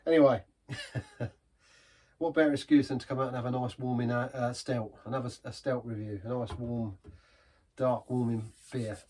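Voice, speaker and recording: A man's voice: medium pitch, steady tone, moderate pace, mellow, breathy edge. A man giving a casual, rambling beer review in a pub, chatty and self-deprecating.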